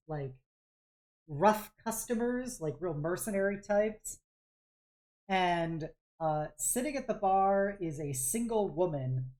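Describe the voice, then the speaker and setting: A woman's voice: fairly low pitch, a little mellow. A woman game master narrating a tabletop game, describing scenes in a rambling way full of fillers.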